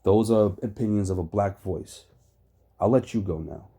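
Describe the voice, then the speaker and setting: A man's voice: on the low side, normal speed, warm tone. A man giving heated, profane reaction commentary on a debate clip, ranting and laughing often.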